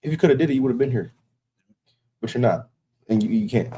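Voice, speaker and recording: A man's voice: medium pitch, expressive, fast, mellow, slight background noise. A man preaching inside a casual talk. He speaks with emphasis and sounds like he is warning his listeners, and he keeps checking in with them as he goes. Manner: emphatic, warning tone, keeps asking "you know what I'm saying". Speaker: religious teacher.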